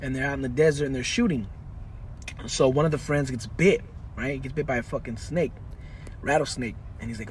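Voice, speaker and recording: A man's voice: mid-range voice, steady tone, brisk, slight background noise. A young man telling crude jokes in a loose, casual way, often asking if you know what he's saying. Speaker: TikTok joke teller.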